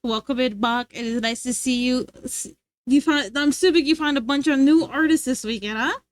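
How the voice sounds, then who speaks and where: A woman's voice: high voice, fairly quick, background noise. A woman streamer chatting casually and playfully with her live chat, laughing often.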